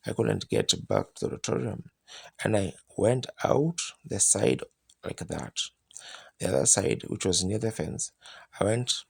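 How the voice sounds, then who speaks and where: A man's voice: fairly low pitch, gravelly, a little mellow, husky. A man preaching a sermon, telling a personal story in a folksy, colloquial way and acting out moments as he goes.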